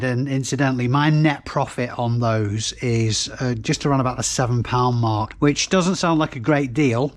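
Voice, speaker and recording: A man from the North West of England with a Northern English accent, talking casually through his resale finds and rattling off prices in a matter-of-fact way. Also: medium pitch. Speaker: reseller vlogger. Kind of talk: casual product rundown to camera.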